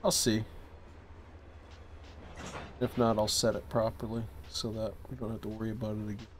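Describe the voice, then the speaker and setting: A man giving casual, thinking-aloud commentary while playing a train dispatching game, low-key and a bit sleepy. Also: little pitch movement, normal speed, a little hiss or hum. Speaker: streamer.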